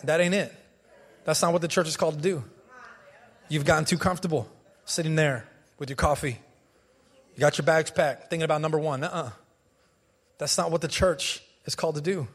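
A man in his thirties, an American pastor, preaching a sermon in an animated, conversational way, with humor and repeated phrases. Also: fairly high pitch, husky, in a large hall. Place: church sanctuary.

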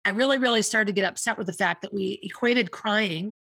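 A woman's voice: medium pitch, brisk, vocal fry, a bit bright, dry recording. A woman in her fifties hosting a podcast, telling a personal story in an earnest, reflective way and repeating words for emphasis. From United States. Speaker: podcast host.

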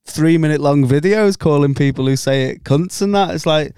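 A man's voice: on the high side, normal speed, a little mellow, clean tone, no room sound, clean studio sound. A man co-hosting a podcast, chatting in a laid-back, rambling way and laughing often. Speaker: podcast co-host. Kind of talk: casual banter.

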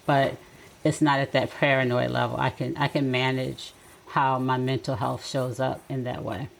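Low, gravelly middle-aged woman. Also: level tone, moderate pace, rough recording. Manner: reflective, gently advising. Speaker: podcast guest. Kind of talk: casual podcast conversation.

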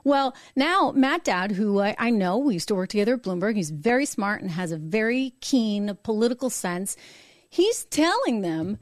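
A woman's voice: very animated, moderate pace, dry recording. Woman hosting a political stream, fired up and emphatic, keeps repeating herself, dry close mic. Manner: emphatic and indignant, repeating phrases, pitch jumping up when worked up. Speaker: political talk show host. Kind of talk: live-streamed political commentary.

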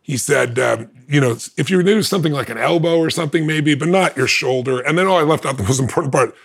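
Talking fast with vocal fry and a fairly high pitch, a man guesting on a podcast tells a lively personal story. He laughs between lines and acts out the things other people said.

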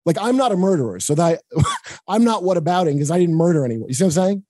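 A man from the United States talks on a podcast in a rambling, profane, joking way, full of restarts. His voice sits a bit high but sounds very dark and mellow. The recording is dry and close, with no room in it. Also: animated, fast talker, dry recording. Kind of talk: casual podcast chat.

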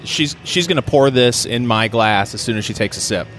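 A man as co-host of a casual chat, making dry, deadpan jokes. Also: mid-range voice, moderate pace, soft background music.

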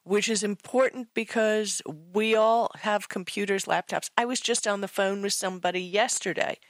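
A woman's voice: mid-range voice, steady tone, moderate pace, no room sound. A woman co-hosting a tech radio show and telling stories in chatty, enthusiastic casual talk. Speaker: co-host and author.

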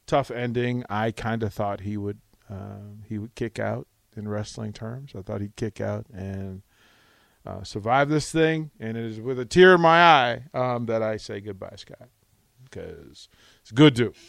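A man hosting a sports radio talk show, telling a rambling, animated anecdote with restarts into a studio mic. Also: on the low side, a little slow, vocal fry, no echo.

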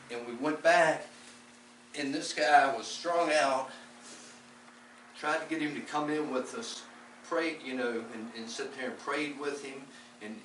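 A man gives a heartfelt, rambling testimony in a church setting, stumbling over repeated words as he goes. He is recorded from a distance in an echoing room. Steady background noise runs under his voice. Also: medium pitch. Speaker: lay preacher. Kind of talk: testimony-style faith talk.

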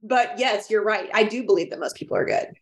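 A woman appears as a guest on a business podcast, chatting casually in an emphatic, expressive way, often restarting and laughing. Her voice sits mid-range and she speaks a little fast.

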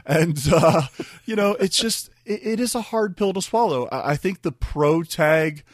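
A man's voice: high-pitched, measured pace, no echo, studio quality. A man co-hosting a tech radio show, chatting and explaining things step by step with frequent restarts. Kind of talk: casual tech radio chat.

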